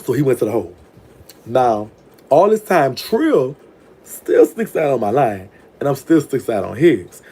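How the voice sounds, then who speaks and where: Profane, chatty storytelling man, mellow tone. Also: mid-range voice, very animated, unhurried, slightly rough. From New Orleans. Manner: frank, profane, chatty, with laughs. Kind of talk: casual storytime monologue.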